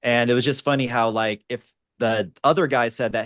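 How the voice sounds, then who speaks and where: A man on a video call with a dating coach panel, telling an animated story in casual chat. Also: mid-range voice, normal speed, dry recording, clean studio sound. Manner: animated storyteller, mimics voices.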